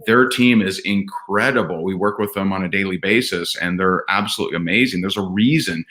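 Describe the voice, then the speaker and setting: Earnest man with a forceful low voice. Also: brisk. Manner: earnest, animated, frequent restarts. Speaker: podcast guest, event speaker. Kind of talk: candid conversational storytelling.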